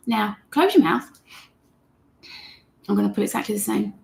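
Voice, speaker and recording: A woman guides viewers through a live meditation lesson, chatting gently and reading out their comments as they come in. Her voice sits mid-pitch with a slightly gravelly, fry-tinged texture. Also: normal speed, pauses often. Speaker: meditation teacher.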